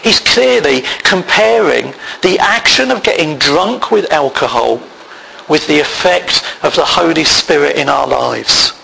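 A man preaching a sermon, reading scripture aloud in a measured way. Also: on the high side, lively intonation, sharp tone, poor audio. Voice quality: gravelly.

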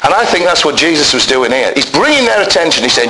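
A man preaching a sermon, hoarse from a bad chest, emphatic and animated, at times rising close to a shout. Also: on the high side, fast talker. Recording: roomy echo, faint noise.

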